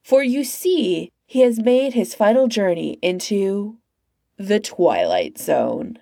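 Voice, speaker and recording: An eerie male anthology-show narrator, as a woman reader puts him on, unhurried and unsettlingly calm. The voice is gravelly and dark, close and dry. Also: mid-range voice, no echo, heavily acted. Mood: ominous. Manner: calm, ominous, slow.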